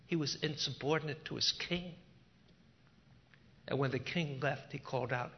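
Slow gravelly guy preaching a sermon, dull lo-fi recording. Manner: slow, emphatic preaching that climbs in pitch and force when storytelling.

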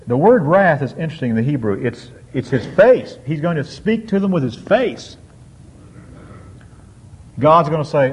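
A man preaching a sermon on a psalm, reading scripture slowly and drawing out key words with emphatic swings. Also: fairly high pitch, lively intonation. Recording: dull lo-fi sound.

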